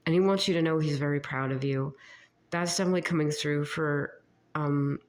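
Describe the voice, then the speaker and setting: A psychic reader who sounds sick leads a casual spiritual channeling session, halting and meandering and giggling often. Her voice is mid-range with a steady tone.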